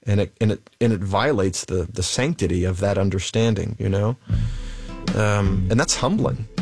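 A man giving a halting, thoughtful personal account as an interview guest. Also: on the low side, darkish tone. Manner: halting, thoughtful, many fillers. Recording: guitar music underneath.

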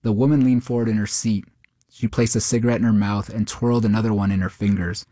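A man narrating a short story in a steady, measured way. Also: lowish voice, dry recording, clean studio sound.

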